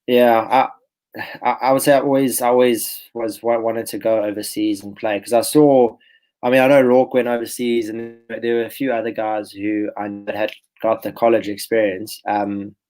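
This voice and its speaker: A man in his twenties, a golfer guest on a podcast, telling his story in a relaxed, rambling way and often restarting his phrases. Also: lowish voice, normal speed, soft background music, poor audio. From South Africa. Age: 20s. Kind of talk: casual podcast interview.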